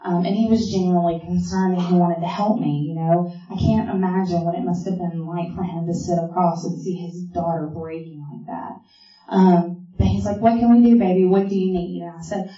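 A woman's voice: lowish voice, fairly even intonation, normal speed, mellow. A woman shares her personal story as a testimony at a meeting. She talks in a storytelling way with lots of fillers and mimics the people in it. She is heard from a distance in a reverberant hall, and the sound is muffled. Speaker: speaker sharing a recovery story. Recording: echoey hall from far off, dull.

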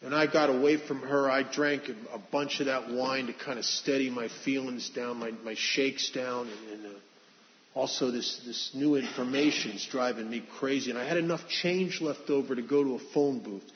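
A man's voice: mid-range voice, fairly even intonation, normal speed, a little hiss or hum. A man earnestly sharing a confessional personal testimony, restarting phrases as he goes. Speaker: speaker sharing his recovery story. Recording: dull reverberant hall recording.

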